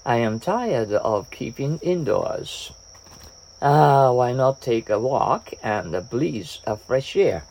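Male English teacher, slow and halting, lively up-and-down delivery, lots of fillers. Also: mid-range voice, creaky, rough recording. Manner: hesitant, frequent "uh" fillers and restarts. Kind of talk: reading example dialogues for an English lesson.

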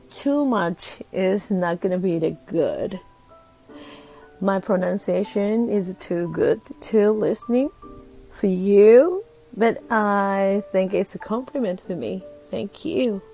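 A woman's voice: fairly low pitch, vocal fry, dark tone, poor audio. A woman with a Japanese accent, hosting a casual live audio chat, talking with lots of fillers and switching between English and Japanese. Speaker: host.

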